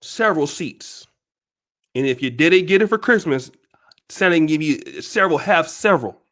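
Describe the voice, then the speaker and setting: A man's voice: a little high, animated, moderate pace, fairly bright tone. A man hosting his own channel, ranting at viewers in an emphatic, profane, repetitive, preachy way. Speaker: channel host.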